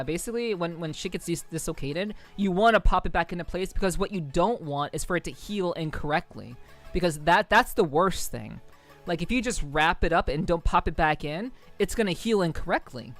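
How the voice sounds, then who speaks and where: A woman streamer chatting casually with viewers, rambling, swearing freely and laughing often. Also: lowish voice. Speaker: livestreamer. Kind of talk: casual livestream chat with viewers.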